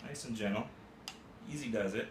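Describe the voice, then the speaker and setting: Man, lowish voice, playful how-to host, echoey home room. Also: normal speed. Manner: playful, goofy catchphrases. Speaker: coffee-brewing demonstrator. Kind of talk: casual how-to demonstration. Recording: roomy room with faint ambient hum.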